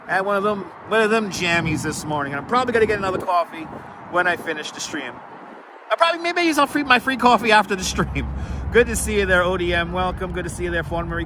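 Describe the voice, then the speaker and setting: A man's voice: on the high side, background noise. A man from Brooklyn, hosting a casual walking live stream and chatting rambly with viewers, greeting them by name. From Brooklyn, New York. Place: outdoors on city streets, walking. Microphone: wireless clip-on mic.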